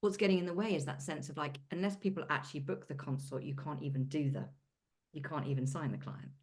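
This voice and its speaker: A British woman with a low voice chats through a coaching session on a video call. She talks loosely and candidly, dropping casual British phrases and the odd swear. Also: quick pace, darkish tone. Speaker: coaching client.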